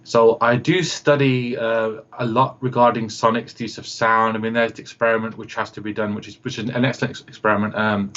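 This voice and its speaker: A man's voice: fairly low pitch, flat delivery, a little fast, hardly any pauses, a bit bright, dull audio. A man, chatting as a guest on a video call interview, rambling through stories and acting out the people in them, with many fillers. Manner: rambling storyteller, acts out quoted voices, many fillers. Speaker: guest, radio host and producer.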